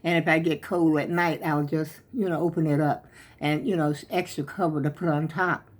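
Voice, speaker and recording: A woman's voice: sits low, fairly even intonation, normal speed. Breathless older woman chatting. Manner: chatty, rambling, folksy, addresses viewers as y'all. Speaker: vlogger showing her crochet. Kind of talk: casual chat to camera. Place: at home.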